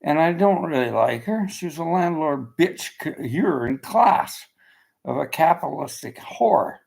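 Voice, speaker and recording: A man's voice: a little high, lively intonation, measured pace, creaky, a little mellow, slightly rough, low-quality recording. An older man, delivering an agitated, profane personal rant in a blunt way. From Canada.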